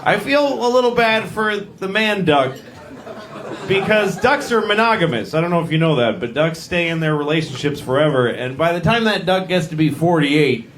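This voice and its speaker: A man's voice: on the high side, animated, normal speed, a bit bright, reverberant. A young man doing crude, rambling, self-mocking stand-up comedy on a club stage. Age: young adult.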